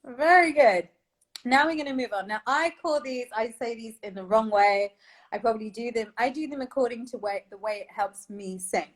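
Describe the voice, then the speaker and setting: A woman's voice: a little high, normal speed. Encouraging woman coaching breathing. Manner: encouraging, instructive, laughs often. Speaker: vocal coach. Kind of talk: guided breathing exercise.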